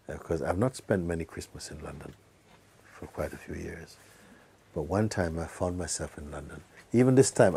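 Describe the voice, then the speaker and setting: A man giving a soft-spoken spiritual talk, telling a personal story and often sinking to a hush. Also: low voice, creaky, a little hiss or hum. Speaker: spiritual teacher.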